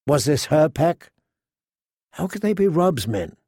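A man narrating an audiobook in a measured, unhurried, vivid way. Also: fairly high pitch, very animated, dark tone, husky, no room sound, studio quality. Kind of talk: scripted narration.

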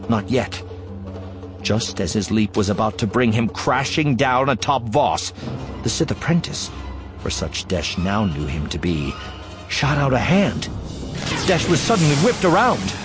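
Guy reading an action story audiobook, super animated, music playing behind. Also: medium pitch. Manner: expressive, voicing characters. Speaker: audiobook narrator. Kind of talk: dramatic story narration.

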